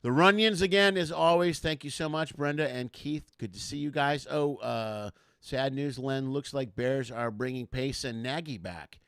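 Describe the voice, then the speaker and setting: A man's voice: mid-range voice, normal speed, clean tone, no echo, clean studio sound. A man hosting a casual comedy podcast, rambling through stories and acting out what people said. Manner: rambling storyteller, animated, acts out quotes. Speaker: host.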